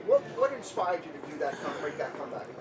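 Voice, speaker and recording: A man with a fairly high voice asks easygoing questions in an interview. He sounds set back from the mic, and steady background noise runs under him. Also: quick pace. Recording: distant mic with room noise.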